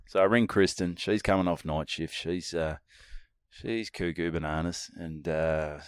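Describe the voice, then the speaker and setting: A man's voice: sits low, steady tone, measured pace, smooth, no room sound, studio quality. An Australian man co-hosting a podcast, telling a rambling, crude story in casual chat and acting out the other people in it. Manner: crude, laddish, acts out quoted voices. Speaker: podcast co-host.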